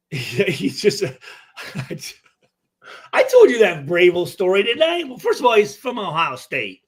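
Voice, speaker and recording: A former player in his forties talks football on a podcast in a high-pitched voice. He stumbles and restarts his sentences a lot and swears freely as he tells his stories. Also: huge pitch swings, unhurried, husky. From Michigan. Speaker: former player and guest analyst. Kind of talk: casual podcast chat.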